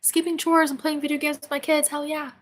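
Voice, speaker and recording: This spirituality livestream host reads out viewer comments and chats casually from her home office, bubbly and exclamatory, laughing a lot and swearing casually. Her high-pitched voice is flat in delivery and a little fast.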